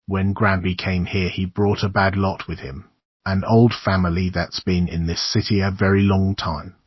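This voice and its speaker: A man voicing a shabby older male neighbor who gives grim, conspiratorial warnings in a low husky voice. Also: level tone, normal speed, no room sound. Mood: ominous. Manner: conspiratorial warnings, keeps calling the listener son. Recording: dull lo-fi dry recording.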